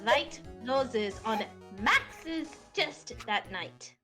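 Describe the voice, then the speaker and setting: A woman's voice: fairly high pitch, lively intonation, drawn-out words, loud music behind the voice. A woman voicing a proud, haughty young female prosecutor with a put-on German accent, reading game dialogue aloud. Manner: haughty, scornful.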